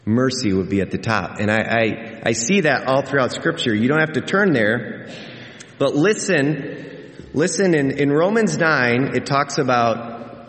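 A man's voice: medium pitch, expressive, unhurried, fairly bright tone. A man preaching a sermon as a pastor, speaking earnestly and emphatically, repeating key phrases for weight. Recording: echoey hall with long reverb.

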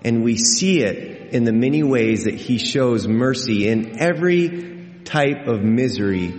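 A man's voice: medium pitch, lively intonation, measured pace, a little mellow. A man preaching a sermon as a pastor, speaking earnestly and emphatically, repeating key phrases for weight. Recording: echoey hall with long reverb.

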